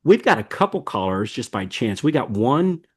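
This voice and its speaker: A man's voice: mid-range voice, very animated, moderate pace, breathy edge. A man hosting a podcast in casual, folksy chat, rambling with many fillers and restarts. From United States. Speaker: podcast host.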